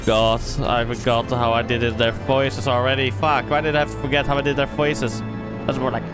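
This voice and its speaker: A man's voice: medium pitch, little pitch movement, a little fast. A man chatting casually on a game stream, muttering to himself and swearing casually. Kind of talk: casual live stream chat. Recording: game music playing behind.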